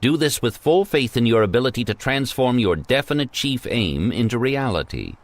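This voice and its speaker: A man reading an old self-help text aloud in a measured, emphatic narration. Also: mid-range voice, expressive.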